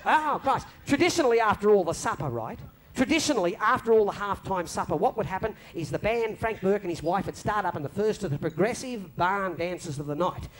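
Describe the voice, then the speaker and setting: Aussie bloke telling a yarn on stage, really high voice, bit of hiss and room sound from a live gig. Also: male voice, fairly quick. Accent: Australian. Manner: broad, lively yarn-spinning with mimicked voices. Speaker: comedian telling stories on stage. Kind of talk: live stand-up storytelling. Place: club stage before a live audience. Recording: faint crowd ambience from a live venue.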